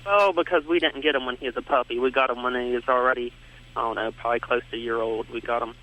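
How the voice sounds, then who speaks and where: A man calls in to a radio show and explains his question haltingly, pausing often. His voice is bright and forward, and it comes over a dull, lo-fi line. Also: medium pitch, fairly even intonation. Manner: hesitant, halting. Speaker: caller.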